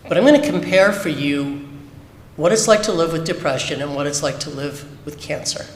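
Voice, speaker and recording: A man's voice: fairly high pitch, fairly quick, a little hiss or hum. A man giving a candid, emphatic personal talk at a Shabbat service, full of rhetorical questions. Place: synagogue sanctuary. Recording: echoey hall with long reverb.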